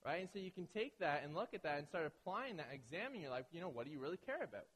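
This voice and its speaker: A male pastor with a fairly high voice delivers a sermon, telling animated stories and briefly acting out the people in them. His voice rings with the long reverb of a large hall. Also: fast talker, husky. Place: large hall with an audience of about a hundred.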